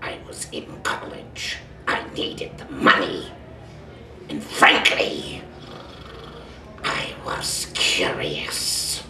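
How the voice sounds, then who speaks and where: A man's voice: extremely low pitch, fairly even intonation, very slow, long pauses, bright, forceful tone, echoey room, far from the mic, voice pushed down, heavily acted. A man doing Dinobot, a hissing haughty robot dinosaur. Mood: haughty disdain. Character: proud, snarling male dinosaur robot warrior.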